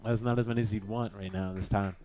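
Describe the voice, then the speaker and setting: A young man adds color commentary in a relaxed, easygoing way. His voice sits low and sounds mellow and dark, never pushing hard. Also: fast. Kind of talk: live sports commentary.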